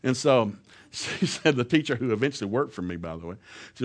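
A middle-aged male preacher tells a humorous story during a sermon, speaking at a quick pace in a medium pitch. He's animated, laughs often, and acts out the voices of the people he quotes.

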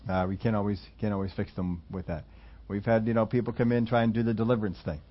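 A man preaching a sermon in a conversational storytelling way, laughing between points and rising into loud emphatic quotes. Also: on the low side, fairly even intonation, quick pace, highs cut off, slight background noise. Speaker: pastor.

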